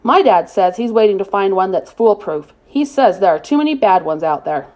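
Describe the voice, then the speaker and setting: A woman's voice: mid-range voice, animated, normal speed, darkish tone, close to an everyday voice. A woman voicing an earnest teenage girl speaking matter-of-factly.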